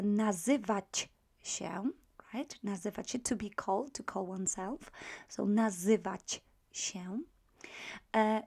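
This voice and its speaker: Slow, gravelly-voiced teacher woman. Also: medium pitch. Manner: patient, explains step by step, models pronunciation slowly. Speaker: language teacher. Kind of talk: language lesson.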